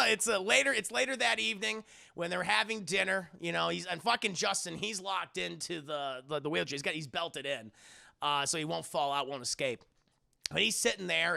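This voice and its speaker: Excitable, profane male streamer. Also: fairly high pitch, normal speed, creaky. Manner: profane, excitable, laughs often, talks to chat. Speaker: streamer reviewing a film. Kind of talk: casual live-stream film review.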